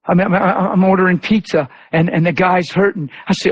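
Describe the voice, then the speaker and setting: A male preacher delivering a sermon, telling stories in a lively way and acting out the people he quotes. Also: high voice, a little fast, few pauses, husky. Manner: animated storytelling with voiced quotes. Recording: dull lo-fi recording.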